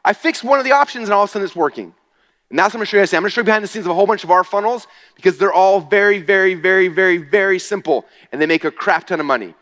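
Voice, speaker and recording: A man giving an energetic, casual stage presentation to a live audience, often checking in with "okay?". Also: high-pitched, rapid-fire. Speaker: speaker at a marketing event. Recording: long reverb of a large hall.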